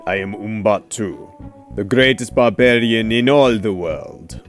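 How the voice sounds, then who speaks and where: A man doing a deep, solemn South African barbarian head. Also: unhurried, soft background music, close to an everyday voice. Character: proud disembodied male barbarian warrior head.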